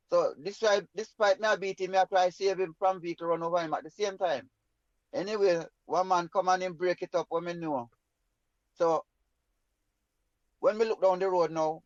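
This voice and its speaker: A man's voice: fairly high pitch, no room sound, highs cut off. A man with a Jamaican accent telling a personal story in an emphatic, rambling way in patois. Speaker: guest storyteller.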